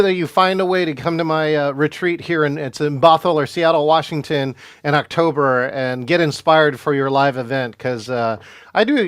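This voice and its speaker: A man's voice: on the high side, dry recording. Upbeat man hosting a podcast, dry sound. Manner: energetic, upbeat, with frequent fillers and restarts. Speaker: podcast host. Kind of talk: animated podcast interview hosting.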